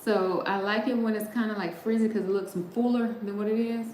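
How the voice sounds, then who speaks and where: A woman's voice: medium pitch, steady tone, brisk, a little mellow. A middle-aged woman hosting a livestream, chatting casually and straight to her viewers, laughing often as she talks. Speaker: livestream host. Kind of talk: casual chat with live viewers. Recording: roomy sound with faint background noise.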